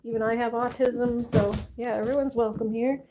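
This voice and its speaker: Young woman streamer, a bit higher voice, chatty and cooing at pets, constant hiss under the audio. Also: steady tone, normal speed. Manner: chatty, coos to her pets. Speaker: livestreamer. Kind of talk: casual live stream chat.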